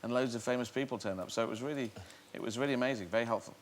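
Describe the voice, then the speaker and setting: A man's voice: medium pitch, rapid-fire. An English man, a chat show guest, telling playful, digressive comic stories and often restarting mid-sentence. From England. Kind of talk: rambling comic storytelling.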